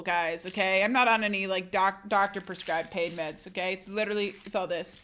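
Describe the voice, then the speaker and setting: Bright, laughing young woman streamer. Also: medium pitch, fairly even intonation, a little fast. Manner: rambling, self-mocking, frequent laughter. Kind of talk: casual chat to stream viewers.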